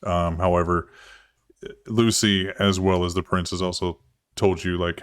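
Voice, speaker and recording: A man's voice: sits low, little pitch movement, measured pace, clear, resonant tone, no room sound, studio quality. A man narrating as game master in a live tabletop role-playing stream, rambling and restarting as he goes. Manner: rambling, restarts, voices characters in quotes.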